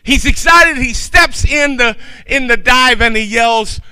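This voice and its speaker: A man's voice: very high voice, measured pace, sharp tone, smooth, dry recording. A man preaching a sermon in a folksy, chatty way, with asides to his congregation.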